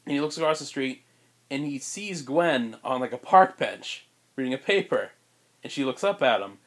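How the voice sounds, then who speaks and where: A man co-hosting a podcast, pitching a story in rambling casual chat with many fillers and frequent laughs. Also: animated, moderate pace, a bit bright. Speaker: podcast co-host.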